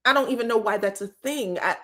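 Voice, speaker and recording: Talking fast at a medium pitch, this woman runs a casual reality TV recap packed with gossip. She's candid and foul-mouthed, calling people "baby" and "girl," and her energy spills over into stuttering and sudden outbursts.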